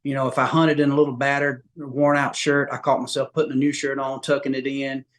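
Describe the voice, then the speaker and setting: A middle-aged man from Georgia with a Southern accent, a podcast guest telling folksy, animated stories and acting out quotes. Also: medium pitch, brisk. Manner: folksy, animated, acts out quotes with big voice jumps. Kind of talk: casual storytelling interview.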